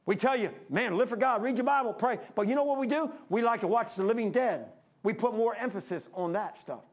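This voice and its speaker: Older pastor, high voice, fervent sermon delivery with swings from loud pleas to quiet asides. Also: male voice. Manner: impassioned preaching, rises then drops low.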